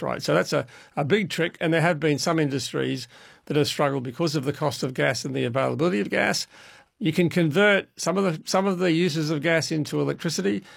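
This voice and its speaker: A man, an expert guest calmly explaining energy issues on call-in radio, with frequent restarts. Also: fairly high pitch, creaky, dry recording, clean studio sound.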